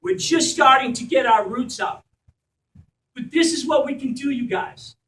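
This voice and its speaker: High-voiced man giving an impassioned speech. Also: unhurried, pushed and bright. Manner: passionate, blunt, swears when fired up. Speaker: community event organizer. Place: community gathering at a school. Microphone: distant from the mic. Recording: echoey room, recorded from far off.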